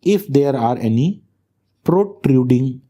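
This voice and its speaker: A man delivers a classroom medical lecture, emphasizing key terms and repeatedly checking in with his students. His voice is slightly high, expressive, and dark in tone, at a normal speed.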